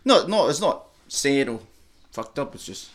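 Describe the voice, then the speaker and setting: A man's voice: big pitch swings, measured pace. A young man with a New Zealand accent telling a candid personal story in a blunt, slangy, heavily swearing way. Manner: blunt, heavy swearing, slangy, low-key. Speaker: interviewee.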